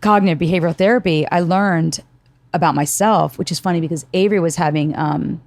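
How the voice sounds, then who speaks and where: A middle-aged woman hosts a podcast, chatting casually and telling animated stories where she acts out quotes and swears now and then. Her voice is on the low side and brisk, with no room sound.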